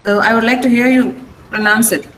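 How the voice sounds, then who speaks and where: A woman's voice: fairly high pitch, steady tone, brisk, a bit bright, reverberant, slight background noise, low-quality recording. A woman with an Indian English accent, an English teacher who explains pronunciation patiently and has students repeat words. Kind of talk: online vocabulary class.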